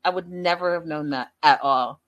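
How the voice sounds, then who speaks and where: A woman's voice: low voice, moderate pace, lo-fi sound. Chatty woman hosting a live recap. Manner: chatty and expressive, laughing, reading viewer comments aloud. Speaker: host recapping a reality show. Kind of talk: casual recap commentary to a live chat.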